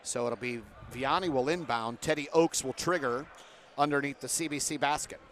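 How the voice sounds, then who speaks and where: A man's voice: medium pitch, moderate pace, slight background noise. A man doing play-by-play for a basketball game from a broadcast booth, chatting with guests between plays. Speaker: play-by-play announcer.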